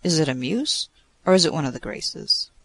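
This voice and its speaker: A man puts on a mischievous young male love god, teasing and quick to exclaim in delight. The voice sits a little high, with a gravelly grain, and jumps up sharply in surprise. It is a storybook reading. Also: sing-song, a bit bright, full character voice, poor audio.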